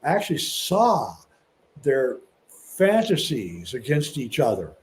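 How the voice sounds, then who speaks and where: A man's voice: mid-range voice, huge pitch swings, slow. A man guest on a podcast, telling a personal story earnestly and stumbling over restarts. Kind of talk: casual storytelling.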